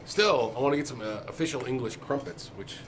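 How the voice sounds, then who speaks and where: Shop co-host: man, casual jokey banter, mid-pitched, with steady background noise. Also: a little fast. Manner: loose, joking, swears casually. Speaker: co-host of a music shop Q&A show. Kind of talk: casual chat. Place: music shop.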